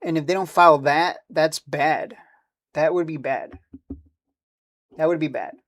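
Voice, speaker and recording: A man's voice: a little high, a little slow. A man with a slightly raised voice talks in a loose, foul-mouthed ramble on a live stream. He brushes worries off with blunt dismissals and keeps restarting his sentences. The sound is dry and close, with no room echo. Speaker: stock market streamer. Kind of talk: casual live-stream commentary.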